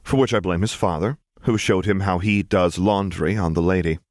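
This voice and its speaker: A man voicing a stern but fond young mother who speaks in firm, crisp commands. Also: low-pitched, moderate pace, a little mellow, no room sound, clean studio sound, close to an everyday voice. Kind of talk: audiobook character voice.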